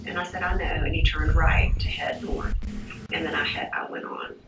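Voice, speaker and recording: A woman giving a police statement, halting and distressed, often restarting her sentences. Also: low voice, flat delivery, gravelly, whispered, music in the background. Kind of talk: recorded police interview. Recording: distant, echoey, lo-fi room recording with loud hiss.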